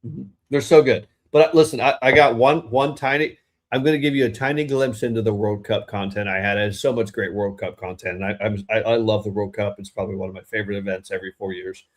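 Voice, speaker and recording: A man's voice: on the low side, steady tone, fast. A man co-hosting a political talk podcast, rambling and opinionated, often restarting his sentences mid-thought. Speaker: podcast co-host. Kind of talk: casual political podcast chat.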